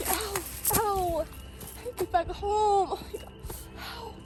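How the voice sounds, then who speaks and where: A young woman playing a teenage girl who takes her mom's car out, talking to herself out loud as she goes. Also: very high-pitched, normal speed, background noise. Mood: panicked, hurting. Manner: chatty, talks to herself out loud. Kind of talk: short-film acting.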